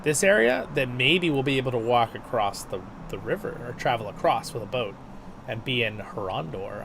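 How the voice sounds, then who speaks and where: A man's voice: mid-range voice, background noise. Stuffy-nosed man chatting on a game stream. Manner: chatty, laughs often, answers chat. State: stuffed up nose. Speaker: livestream host. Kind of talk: casual livestream chat.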